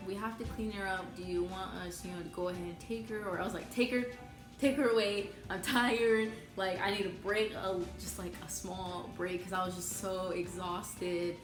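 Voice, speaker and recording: A young adult woman chatting in a relaxed way, filling her casual storytelling with "like" and "you know". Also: lowish voice, fairly quick, hardly any pauses. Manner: relaxed, chatty, many fillers. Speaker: vlogger telling her birth story. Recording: echoey room with clear background music.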